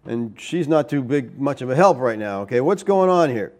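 A man's voice: medium pitch, sing-song, a little mellow. A man preaching, voicing a weary man who complains and questions God. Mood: complaining. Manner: complaining, quick.

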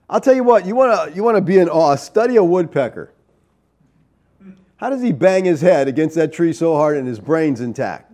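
Animated preaching man, higher voice. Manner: animated preaching, rhetorical asides. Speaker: pastor. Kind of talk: sermon.

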